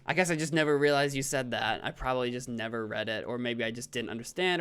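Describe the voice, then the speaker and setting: Chatting with viewers on a live stream, a man casually comments on his own gameplay, pokes fun at himself, and reads chat aloud. His mid-range voice moves fast with few pauses, and the tone is a bit bright, clear, and resonant.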